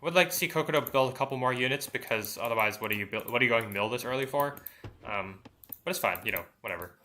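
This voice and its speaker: A man's voice: medium pitch, expressive, quick pace, bright, forceful tone, slight background noise. A man commentating a strategy game match, thinking aloud with many fillers and restarts. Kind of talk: esports commentary.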